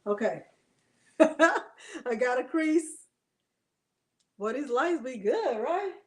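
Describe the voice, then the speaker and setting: A high-pitched woman hosts a live crafting demonstration from home, speaking very slowly but animatedly. Her patter is chatty and friendly, full of laughter, and she talks directly to her viewers.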